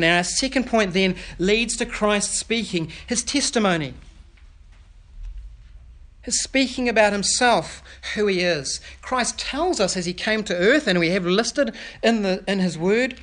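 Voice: medium pitch, a bit bright. New pastor preaching a sermon. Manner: addresses children with questions, earnest, explains scripture.

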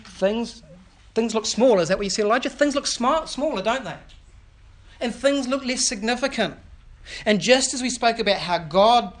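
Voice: medium pitch, moderate pace. A pastor preaching an earnest sermon that explains scripture and puts questions to the children.

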